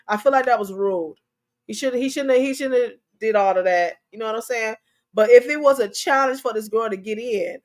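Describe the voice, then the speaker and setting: A middle-aged woman hosting a talk show, giving emotional commentary on a news story, preachy and impassioned and repeating herself. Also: on the high side.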